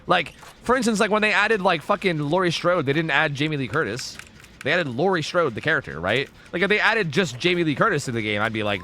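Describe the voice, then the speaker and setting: A man's voice: fairly high pitch, expressive, brisk, sharp tone, slight background noise. A man streaming a game live, rambling and swearing casually as he answers viewers' questions. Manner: rambling, profane, chatty, answering chat questions.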